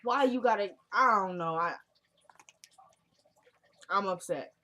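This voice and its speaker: A woman chats through a TV drama episode in a casual, animated recap. Her voice sits at a middle pitch and she talks in a lively, opinionated way. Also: slow pace. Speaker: TV show reviewer.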